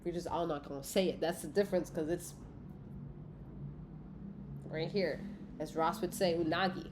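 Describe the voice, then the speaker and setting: A woman's voice: lowish voice, moderate pace, background noise. A congested woman giving a casual, profane tarot reading to her viewers, giggling between cards. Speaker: tarot reader.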